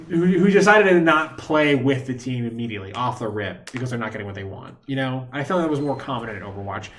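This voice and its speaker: A man's voice: medium pitch, a bit bright. A man live-streaming from home into a desk microphone, rambling casually to his chat and laughing often.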